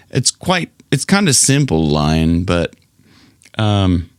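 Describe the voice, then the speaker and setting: Lively, unhurried male vocal coach. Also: deep voice, clean tone, no room sound, studio quality. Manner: friendly, explanatory, laughs often. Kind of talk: teaching a singing lesson.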